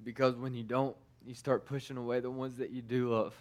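A man's voice: medium pitch, level tone, brisk. Rambling man giving a casual sermon. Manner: rambling, frequent repeated restarts and fillers.

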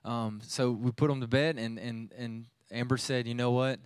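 Guy in his 30s preaching, smooth clear voice, dry close sound, chatty storytelling. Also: mid-range voice, steady tone, normal speed, no room sound. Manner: conversational storytelling, frequent restarts. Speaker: youth pastor. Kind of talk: sermon.

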